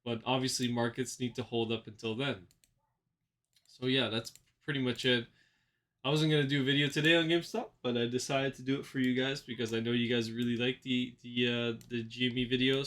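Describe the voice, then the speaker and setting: A man's voice: medium pitch, level tone, a little fast, a bit bright. A man hosting a trading channel, talking casually through chart analysis with lots of fillers and repeated phrases. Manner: rambling, repeats himself, many fillers. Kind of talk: casual market analysis commentary.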